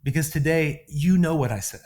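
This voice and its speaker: A middle-aged man co-hosting a parenting podcast, talking in a casual, conversational way. His voice sits a little high for a man, and he comes alive when he acts out what people said in his stories. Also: fairly quick, a little mellow. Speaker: podcast co-host, counselor. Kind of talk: conversational storytelling.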